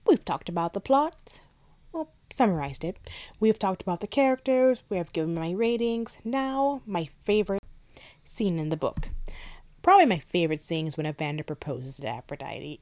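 A woman hosting a book review podcast, chatting animatedly as she retells a favorite scene and reads ad copy. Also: lowish voice. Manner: chatty, animated retelling with playful quoted asides. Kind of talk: casual book review with ad read and read-aloud passage.

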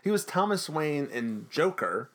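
Chatty male podcast co-host with a lively, swinging voice, jokey recap banter. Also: fairly high pitch, a little slow. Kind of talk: casual recap chat.

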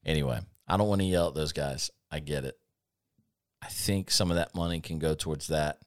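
With an extremely low-pitched voice and a fairly quick pace, a male podcast host chats casually on his talk show. He tells sardonic stories about a previous job and laughs often.

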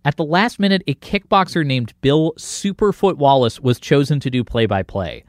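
Lively male documentary narrator. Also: fairly high pitch, normal speed, no room sound, studio quality. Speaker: reporter and narrator.

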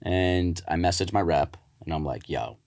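A man's voice: deep voice, steady tone, moderate pace, darkish tone. A man, a real estate agent, telling party stories in a boisterous, laughing podcast chat. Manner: boisterous, storytelling, laughs often.

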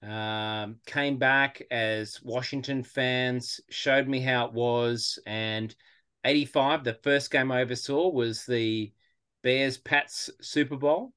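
An Australian man as a podcast guest, talking in a relaxed, rambling way with lots of fillers. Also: medium pitch, slow, smooth. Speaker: guest fan. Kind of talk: casual podcast interview.

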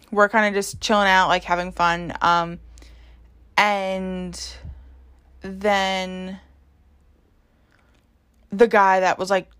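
With a lowish, smooth voice that's a bit bright, a young woman hosts a podcast. She tells a story in a loose, chatty manner, filling it with lots of "like" and "um."

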